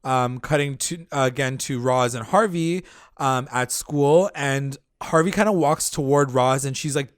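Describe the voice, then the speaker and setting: A man's voice: medium pitch, unhurried, dry recording, studio quality. A young man co-hosting a casual recap podcast, rambling with lots of fillers and casual swearing. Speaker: podcast co-host. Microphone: podcast mic.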